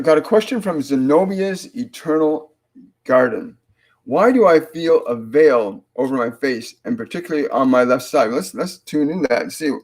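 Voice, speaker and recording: Calm but halting, a male medium runs a live psychic session and conveys what the spirits are saying. His pitch sits in the middle, and his speech is peppered with fillers and false starts.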